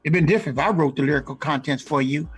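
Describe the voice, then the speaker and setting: A man co-hosting a casual radio show, giving animated advice to recording artists. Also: on the high side, very fast, soft background music. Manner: animated, acts out rap lines and ad-libs. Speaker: co-host giving music industry advice.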